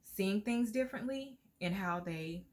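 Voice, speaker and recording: A middle-aged woman vlogging to camera in a heartfelt, earnest way, at times close to tears. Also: measured pace. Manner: heartfelt, earnest, lively pitch swings. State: emotional, near tears at times. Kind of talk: casual talk to camera.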